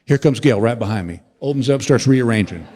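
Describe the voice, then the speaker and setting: Animated man in his sixties, stand-up. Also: mid-range voice, fairly quick. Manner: drawling storyteller, exasperated punchlines. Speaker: stand-up comedian. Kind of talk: stand-up comedy set. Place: large theater stage. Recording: reverberant hall with faint ambience.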